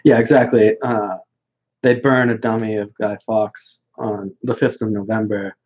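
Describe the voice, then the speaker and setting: A man's voice: on the low side, little pitch movement, a little slow, a little mellow, lo-fi sound. A man hosting a casual livestream and answering viewer questions in a blunt, dismissive way, rambling with many fillers.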